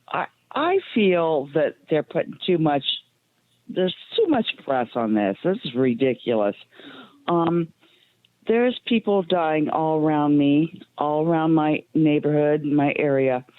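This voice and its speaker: A woman's voice: low voice, dry recording. A woman calling in to a radio talk show, plain-spoken and emotional, with lots of ums. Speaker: caller. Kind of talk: call-in radio chat. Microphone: phone. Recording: tinny phone line.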